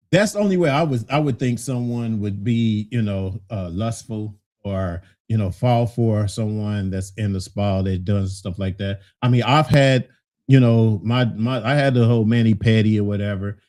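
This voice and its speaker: A man's voice: on the low side, moderate pace, a little mellow. Laid-back man chatting to his listeners. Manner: laid-back, conversational, laughs often, repeats "you know what I'm saying". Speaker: talk show host reading listener comments. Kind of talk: casual commentary.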